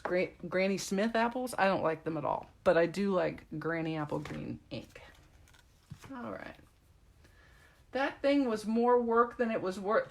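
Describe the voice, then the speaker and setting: Casting note: woman, middle-aged, mid-pitched, chatty craft demonstrator with rambling asides. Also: animated, measured pace, creaky, a little hiss or hum. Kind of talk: casual craft tutorial.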